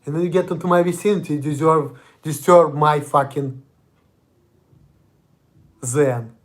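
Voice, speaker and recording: A man's voice: a little high, fairly even intonation, a little slow. A young man from Russia with a Russian accent, ranting angrily and profanely in a confrontational monologue. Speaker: vlogger. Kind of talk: angry monologue.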